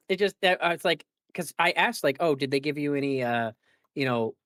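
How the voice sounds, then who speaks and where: A man's voice: fairly high pitch, lively intonation, normal speed, a bit bright, dry recording, studio quality. A man hosting a casual gaming podcast, rambling with lots of fillers and restarts. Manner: rambling, filler-heavy and self-correcting. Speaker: podcast host.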